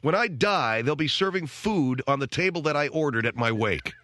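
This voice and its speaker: A man's voice: on the high side, expressive, normal speed, hardly any pauses, pushed and bright, no echo, studio quality. Sarcastic ranting male radio host. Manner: ranting, sarcastic, self-mocking. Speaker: radio talk show host. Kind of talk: comic radio monologue. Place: radio studio. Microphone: studio microphone.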